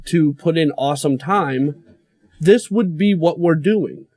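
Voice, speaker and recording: A man's voice: on the high side, unhurried, a little mellow, no room sound, studio quality. A man co-hosting a casual tech podcast, joking and teasing the others. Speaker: podcast co-host.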